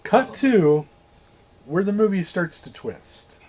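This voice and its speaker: Excitable man retelling a movie plot. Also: high-pitched, takes it slowly, slight background noise. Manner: animated retelling with acted-out quotes and swearing. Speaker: podcast co-host. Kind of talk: casual movie review chat.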